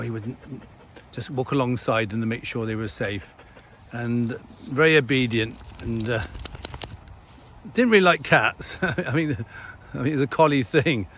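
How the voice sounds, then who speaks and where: A man's voice: mid-range voice, a bit bright, slight background noise. A man who farms, chatting casually outdoors in a field with his dog as he remembers the dogs he has had, laughing often. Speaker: farmer vlogger. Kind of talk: casual chat.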